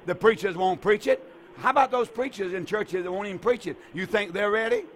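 A man's voice: sits high, brisk, slight background noise. A man hosting a radio call-in program as a pastor, preaching emphatically and repeating his key phrases.

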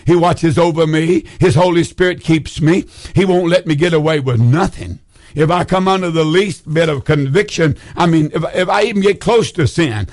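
A man's voice: fairly high pitch, no room sound, clean studio sound. A man preaching fervently on a call-in broadcast, often repeating words as he builds up steam.

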